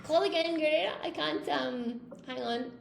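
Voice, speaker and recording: A woman's voice: high-pitched, moderate pace, vocal fry, reverberant, a little hiss or hum. An Irish woman teaching English, chatting with students on a video call and asking them questions. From Ireland. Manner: chatty, encouraging, asks questions. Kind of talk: casual conversation class.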